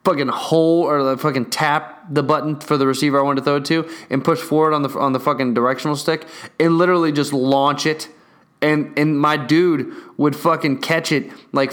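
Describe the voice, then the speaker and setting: A young man ranting casually about games and a delivery mix-up, swearing constantly and getting worked up as he rambles. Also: a little high. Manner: profane, excitable, restless storytelling.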